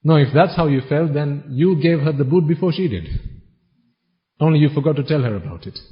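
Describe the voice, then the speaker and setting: A man's voice: a little high, animated, a little fast. A man giving a Buddhist sermon, teasing his listeners with one question after another in a wry tone. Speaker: Buddhist preacher. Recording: dull lo-fi recording.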